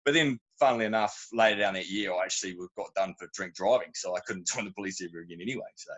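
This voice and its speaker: A man's voice: deep voice, quick pace, fairly bright tone, low-quality recording. A man with a New Zealand accent, a podcast guest telling long rambling stories in a casual, slangy way. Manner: rambling, self-interrupting anecdotes with colloquial slang. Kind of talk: casual storytelling chat.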